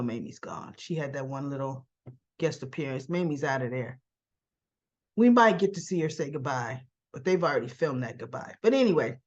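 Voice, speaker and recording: A woman hosting a casual soap opera recap, chatty, often clearing her throat and briefly quoting the characters. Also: mid-range voice, highs cut off.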